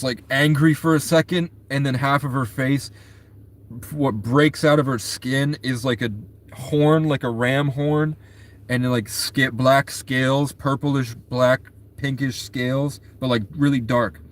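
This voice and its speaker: A man casually retelling a story in a rambling, loose way, full of fillers and restarts. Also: medium pitch.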